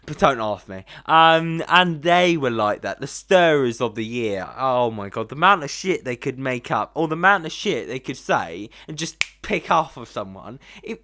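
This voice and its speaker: Animated, lively young man ranting. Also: a little high. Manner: animated ranting, heavy swearing, laughs often. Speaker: reaction video host. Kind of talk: casual reaction commentary.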